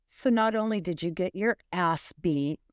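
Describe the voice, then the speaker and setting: Unhurried true crime storyteller woman. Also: fairly low pitch, clean tone, no room sound, studio quality. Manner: rambling, self-correcting, wry asides. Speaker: true crime podcast host.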